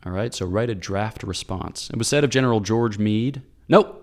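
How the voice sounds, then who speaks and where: A man with a somewhat low voice, speaking as a priest in an easygoing advice talk. He explains earnestly and keeps checking in with his listeners, tossing in "okay?" and "all right?" as he goes. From Pennsylvania, USA.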